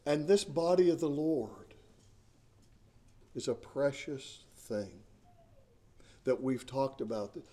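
A middle-aged male pastor delivers a sermon at an unhurried, deliberate pace. His voice is mellow and warm, set at an ordinary male pitch. He preaches earnestly, leaning on key words and circling back on phrases as he builds his point. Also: animated. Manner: earnest, emphatic preaching with repeated words and restarts.

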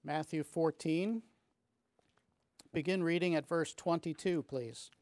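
A man giving a measured, reflective Bible teaching, reading scripture aloud and pausing with small restarts as he explains. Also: fairly high pitch, darkish tone, no echo, clean studio sound.

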